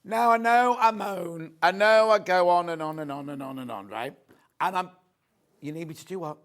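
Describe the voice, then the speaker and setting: A man's voice: high voice, moderate pace, a bit bright, soft background music. A man presenting live home shopping, chatty and rambling, poking fun at himself. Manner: chatty, rambling, self-mocking.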